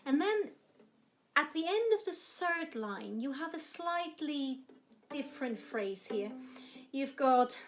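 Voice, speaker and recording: A woman cello teacher explaining technique in a music lesson, with warm, encouraging explanations. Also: sits high, very animated, slow.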